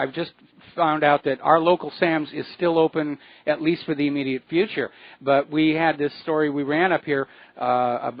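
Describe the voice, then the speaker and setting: Male call-in talk host, measured and explanatory, with a dry, slightly muffled studio sound. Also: fairly high pitch, no echo. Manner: measured, explanatory, with frequent uh fillers. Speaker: radio talk show host. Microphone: studio microphone.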